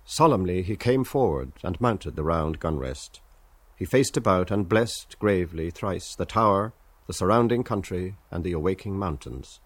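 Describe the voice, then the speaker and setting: A man narrating a novel as an audiobook in a measured, stately way. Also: deep voice, expressive, no room sound.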